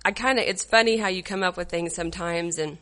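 A woman's voice: lowish voice, fairly bright tone. Lady leading a church devotional, tearful, lots of ums. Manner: halting, with many fillers and apologies. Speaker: women's church group leader.

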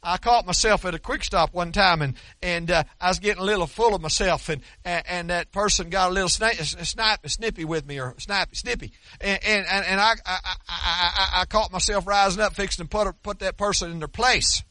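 A man preaching a sermon as pastor, emphatic and folksy, slowing down to stress scripture. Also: high-pitched, bright, forceful tone, no echo. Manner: folksy, with colloquial asides and repeated words.

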